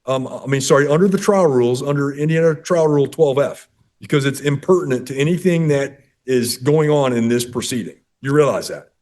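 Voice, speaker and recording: Firm judge speaking in court. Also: male voice, medium pitch, a little mellow. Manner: firm, measured, lecturing. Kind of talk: courtroom hearing.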